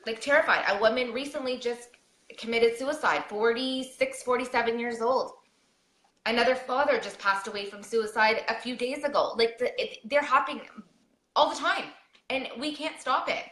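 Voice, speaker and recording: Bright, earnest woman in an echoey room. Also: fairly high pitch, normal speed. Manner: earnest, pleading, repeated questions. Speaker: podcast guest. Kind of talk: emotional personal storytelling.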